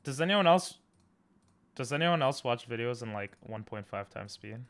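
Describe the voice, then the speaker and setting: A young man streaming live, reacting to videos and teasing his chat in a goofy way, often sliding into a low mutter. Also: animated, normal speed, a bit bright.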